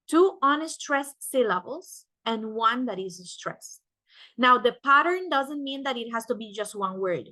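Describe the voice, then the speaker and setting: A woman's voice: a little high, pushed and bright. A woman, a native Spanish speaker, giving a classroom lecture and explaining step by step, often asking "right?" to check understanding. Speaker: teacher.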